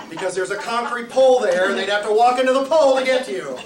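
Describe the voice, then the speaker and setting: High-voiced storytelling comic man, roomy sound. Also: quick pace, crowd noise. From Nebraska. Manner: animated, acts out yelling in quoted bits. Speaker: comedian telling a travel story. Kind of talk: stand-up storytelling show. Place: live show venue with audience. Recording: echoey room, mic at a distance, noisy.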